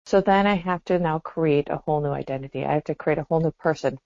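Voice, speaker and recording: A low-pitched woman with a darkish tone talks fast while co-hosting a casual podcast, musing reflectively and often exclaiming and laughing. There's no room sound, and the audio is dull, dry and lo-fi.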